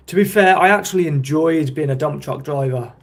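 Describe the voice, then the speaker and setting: A man's voice: on the high side, moderate pace. Young guy vlogging, rambly, fixes his words as he goes, keeps saying yeah?. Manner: rambling, self-correcting, checks in with "yeah?". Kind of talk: casual chat to viewers.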